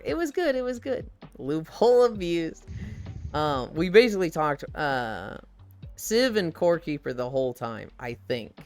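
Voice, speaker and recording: A man chatting on a live stream, spinning profane stories with lots of swearing and a lively, animated delivery. He slips into quick put-on voices when he quotes people. Faint music plays behind him. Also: on the high side, clean tone. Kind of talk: casual live-stream chat.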